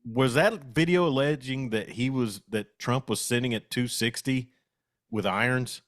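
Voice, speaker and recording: A man's voice: mid-range voice, a little slow, a bit bright, dry recording, studio quality. A man co-hosting a casual sports show stream, rambling and correcting himself as he goes. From Western Oklahoma. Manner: rambling, self-correcting, chuckling.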